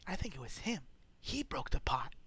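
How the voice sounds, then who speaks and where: A man doing a shrill, bossy noblewoman. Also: big pitch swings, normal speed, fairly bright tone, breathy edge, exaggerated voice. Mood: catty gossip. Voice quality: shrill, nagging. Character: bossy, petty noblewoman at a dinner.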